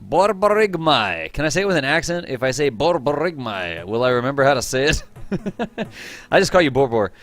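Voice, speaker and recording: A man's voice: mid-range voice, sing-song, fairly quick, fairly bright tone, soft background music. A man hosting a live game stream, chatting casually with his viewers, greeting them by name, teasing them and laughing often.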